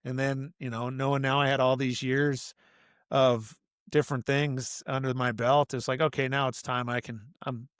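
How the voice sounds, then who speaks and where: A man's voice: medium pitch, level tone, moderate pace, fairly bright tone, clear, resonant tone, no echo, clean studio sound. A middle-aged man talking as a podcast guest, earnest and rambling, with lots of "you know" and "like" as he explains his work as an author and coach. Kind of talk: casual interview conversation.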